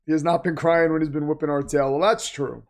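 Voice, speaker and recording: A man's voice: on the high side, steady tone, fast talker. A man hosting a casual live-stream watch party, reading the chat and joking sarcastically that he is the villain. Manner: chatty, sarcastic, jokingly self-styled villain.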